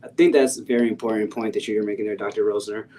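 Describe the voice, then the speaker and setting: A man moderating a panel, responding to a speaker and asking the next question calmly. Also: fairly low pitch, slight background noise, poor audio. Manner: calm, measured, with ums.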